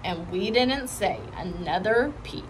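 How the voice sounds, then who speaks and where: A woman reading a children's chapter book aloud with expressive storytelling. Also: mid-range voice, a little slow, a little hiss or hum, poor audio. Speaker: reader.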